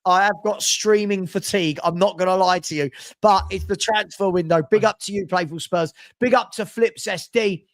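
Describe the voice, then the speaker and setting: A man with a high voice hosts a fan live stream at a normal speed, reading out super chats and bantering with viewers in a chatty, animated way.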